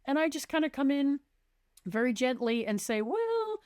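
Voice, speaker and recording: A woman's voice: sits high, normal speed, a little mellow, clean tone, no echo, studio quality. A woman who works as a residential designer, chatting on a podcast and animatedly acting out conversations with clients.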